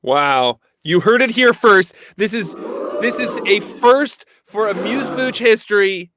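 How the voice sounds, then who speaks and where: A man's voice: high voice, animated, slow, background noise. A man hosting a comedy stream, giving playful mock fashion-show commentary in a sing-song announcer manner. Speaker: host.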